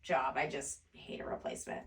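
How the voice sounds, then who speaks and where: A woman's voice: brisk, a bit bright, distant mic. Chatty young woman, a bit off-mic. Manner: chatty recap, laughing, rambling asides. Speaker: podcast co-host. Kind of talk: casual chat.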